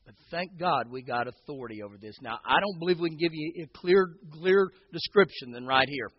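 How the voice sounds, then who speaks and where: A man's voice: a little high, expressive, brisk, husky, in a large hall, muffled recording. A man preaching a sermon as pastor, talking to the congregation in a conversational way and often checking in with "okay?" and "guys".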